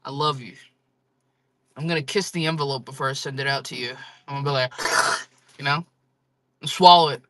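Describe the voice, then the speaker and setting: A woman's voice: rumbling low, moderate pace, long pauses, background noise. A woman chatting casually on a live-selling stream, joking, rambling and laughing often.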